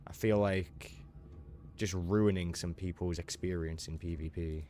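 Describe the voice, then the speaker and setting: Male streamer, very low voice, playful and teasing, loose casual commentary. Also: steady tone, unhurried, dark tone, slight background noise. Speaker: game streamer.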